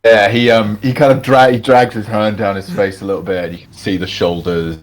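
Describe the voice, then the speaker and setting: A man's voice: on the low side, steady tone, brisk. A man playing a tabletop game, describing his character in a laid-back way. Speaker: player.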